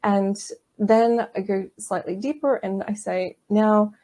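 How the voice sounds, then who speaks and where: A woman massage therapist as an interview guest, explaining her methods calmly and gently. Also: medium pitch, unhurried. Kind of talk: interview conversation.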